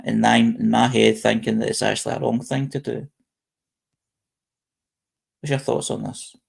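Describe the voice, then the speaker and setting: A British man with a strongly gravelly, creaky voice hosts a casual live-stream chat. He reads posts aloud and wanders through his thoughts, often restarting his sentences. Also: medium pitch, fairly even intonation, normal speed. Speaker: host.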